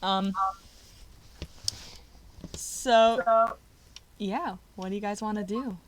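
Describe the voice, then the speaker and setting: A woman's voice: mid-range voice, extremely slow. A woman narrating as game master, casual and hesitant with many fillers. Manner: casual, hesitant, laughing often.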